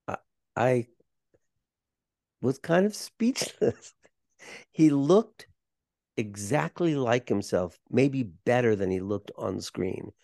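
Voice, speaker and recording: Older man, podcast guest, gravelly voice, lively pitch, slow unhurried pace, dark tone, dry close mic. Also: dry recording. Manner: animated, warm anecdote telling. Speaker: podcast guest, performer and voice coach. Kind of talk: conversational interview storytelling.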